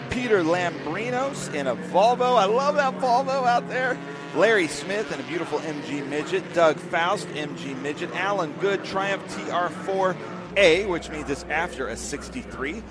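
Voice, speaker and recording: A man co-commentating a motor race, rattling briskly through the starting grid with short remarks on the cars. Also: sits high, noisy background. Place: outdoors at a race track.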